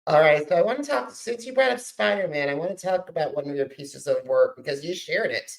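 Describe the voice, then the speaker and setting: A man's voice: on the high side, lively intonation, brisk, creaky, poor audio. A man hosting a podcast interview, eager and admiring, with many fillers as he asks his questions. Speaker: podcast host. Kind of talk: casual interview.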